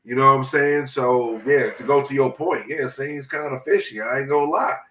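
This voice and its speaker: A man with a bright, forceful voice, stuffed up from his sinuses. He talks loose and slangy with a casual, conversational rhythm. The room around him is echoey. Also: medium pitch, brisk, distant mic, dull audio. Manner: laid-back slang-heavy banter, "you know what I'm saying". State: congested from sinuses. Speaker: podcast co-host. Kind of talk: casual chat.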